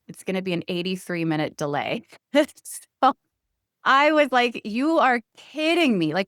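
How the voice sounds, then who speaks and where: A woman telling a story on a podcast, animated and quick to laugh. Her voice sits low and smooth, and the sound is close and dry with no room around it. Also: no room sound. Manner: animated storyteller, laughs often, acts out quoted lines. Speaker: podcast co-host. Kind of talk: casual storytelling chat.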